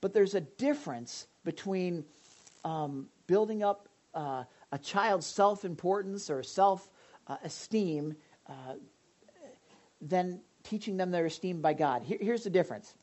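A man preaching a conversational sermon to his congregation, lively and direct, with frequent asides and questions to his listeners. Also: high-pitched, measured pace. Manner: animated, addresses the audience directly, frequent asides. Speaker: pastor.

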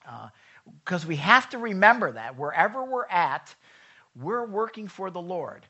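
A man's voice: high-pitched, very animated, measured pace, bright, forceful tone, slightly rough. Conversational male pastor, lo-fi church recording. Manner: conversational, quizzes the congregation. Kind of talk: sermon. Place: church service.

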